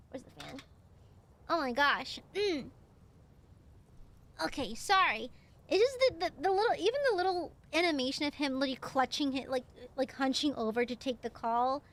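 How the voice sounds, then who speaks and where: A young woman streaming a game, chatting in a casual, excitable way. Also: high-pitched. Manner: chatty, excitable, laughs often. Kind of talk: casual gameplay commentary.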